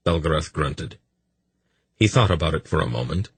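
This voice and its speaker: A man narrating an audiobook in steady, even storytelling with a husky voice. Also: extremely low pitch, moderate pace, long pauses, no echo, low-quality recording. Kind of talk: scripted narration.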